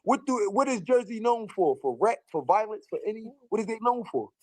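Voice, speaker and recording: High-voiced boxer talking trash. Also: male voice, animated, brisk. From North Philadelphia. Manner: heated, boastful, streetwise slang. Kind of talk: fight-week trash talk interview.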